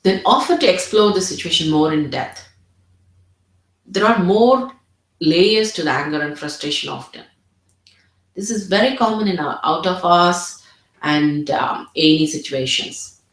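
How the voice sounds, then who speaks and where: A woman's voice: lowish voice, a little slow, pauses often, a bit bright. A woman tutoring doctors in an earnest teaching presentation, often repeating her words as she models empathetic phrases. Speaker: medical exam tutor. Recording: roomy echo.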